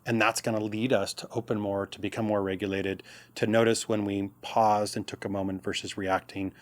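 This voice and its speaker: A man's voice: on the low side, fairly quick. A man speaking as a podcast guest and coach, talking casually and acting out little quoted reactions. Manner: animated, acts out quoted reactions. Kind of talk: casual conversational interview.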